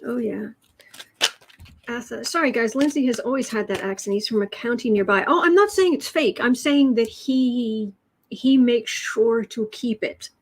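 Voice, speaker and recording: A woman's voice: a little high, moderate pace. A woman with a Chicago accent hosting a live tarot reading and answering chat questions in a chatty, wry way, often trailing off and restarting. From Chicago, USA. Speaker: tarot and astrology livestream host. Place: home room with adjustable lighting.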